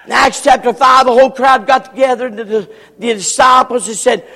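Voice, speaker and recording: A man pastor preaching a sermon in an emphatic, folksy style, often raising his voice to a shout. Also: very high-pitched, fairly quick, gravelly. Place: church sanctuary. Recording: long hall reverb.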